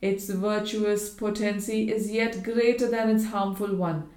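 A woman's voice: mid-range voice, fairly even intonation, unhurried, darkish tone, close to an everyday voice. A woman voicing a proud, intense male scientist with an emphatic, earnest delivery, in an audiobook reading. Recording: roomy echo.

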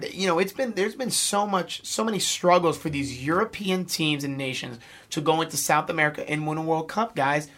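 A man hosting a casual sports talk show, excitable and full of fillers. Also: a little high. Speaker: podcast host.

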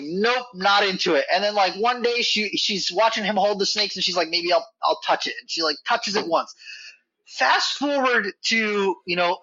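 Bright-voiced man telling a rambling story. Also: high voice, no echo. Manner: rambling, heavy use of "like" and "you know". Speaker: podcast guest, reptile facility worker. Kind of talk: casual storytelling. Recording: dull, dry lo-fi audio.

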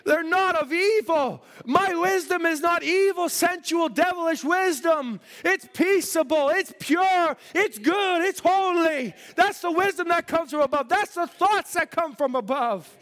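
A man delivers a fervent sermon, preaching and reading scripture in old-fashioned wording to a congregation. His voice sits unusually high for a man. The sound carries a long echo, as in a church hall. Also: measured pace, few pauses, a bit bright.

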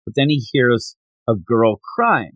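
A man's voice: mid-range voice, a little slow, no echo, low-quality recording. A man hosting a podcast, chatting casually and rambling through a manga chapter recap. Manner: rambling, animated, acts out quoted lines. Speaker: podcast host.

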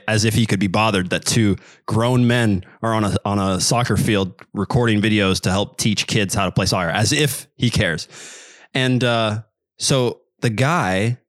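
Young adult male podcast guest, lowish pitch, animated storyteller, dry close mic. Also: no echo. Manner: animated, laughs while telling stories. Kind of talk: casual storytelling. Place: home room in Sweden.

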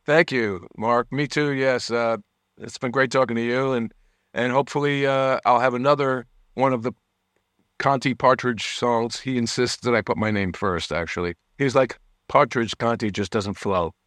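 A man's voice: mid-range voice, fairly even intonation, normal speed, fairly bright tone, dry recording, clean studio sound. A man telling a story as a guest musician in a casual interview, acting out the people he quotes and laughing often. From United States.

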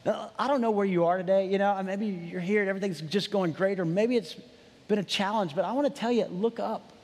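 High-voiced man telling a sermon story. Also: quick pace. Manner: animated, repeats words at starts, quotes himself. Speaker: pastor. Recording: hall reverb.

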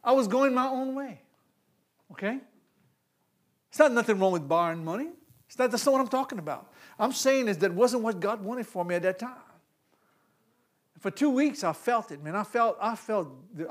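A man preaching a sermon, swinging from loud, animated calls to hushed asides and laughing between points. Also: high voice.

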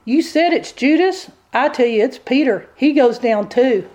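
A woman's voice: sits high, expressive, a little slow, darkish tone. A woman voicing an insistent male devil who accuses a man before God like a prosecutor in a sermon. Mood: gloating.

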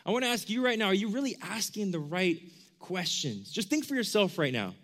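Young man preaching casually, high voice. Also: big pitch swings, brisk, a bit bright. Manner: conversational, lots of 'like', acts out quoted questions. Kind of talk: casual sermon.

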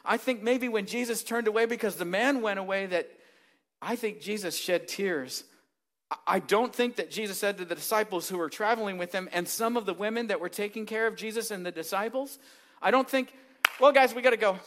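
Male pastor with a high-pitched voice, earnest and emphatic sermon delivery, hushed to raised. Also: fairly quick.

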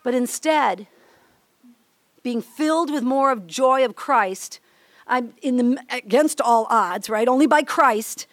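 Older Midwestern woman, high and bright, candid devotional speaker, dry close sound. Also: no room sound. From Minnesota. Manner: chatty, candid, laughs often, acts out little scenes. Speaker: women's ministry speaker. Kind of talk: devotional teaching talk.

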